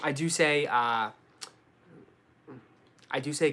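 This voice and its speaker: A young man with a Boston accent, chatting casually on a live stream and answering viewers, relaxed and full of slang. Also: medium pitch, slow pace, pauses often. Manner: relaxed, slangy, says dude and bro a lot. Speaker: sneaker YouTuber answering live chat.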